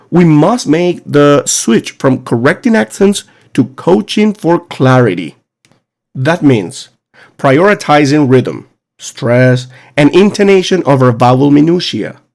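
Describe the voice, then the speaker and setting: A man's voice: fairly high pitch, creaky, a little mellow. A man hosting an educational podcast, talking on his own with an emphatic, teacherly delivery full of rhetorical questions. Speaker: podcast host. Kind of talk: solo educational podcast monologue.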